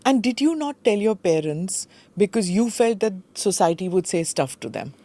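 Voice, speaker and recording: An interviewer, asking short, prompting questions in a relaxed conversational interview. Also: mid-range voice, normal speed. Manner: brief prompting questions and murmured acknowledgments.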